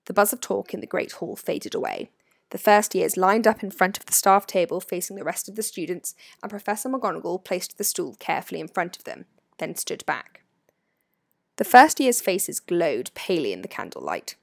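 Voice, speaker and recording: Brief: female audiobook narrator, lively expressive pitch, dry close-mic studio sound. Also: normal speed, gravelly, no echo. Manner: expressive, varied reading. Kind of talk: storybook narration.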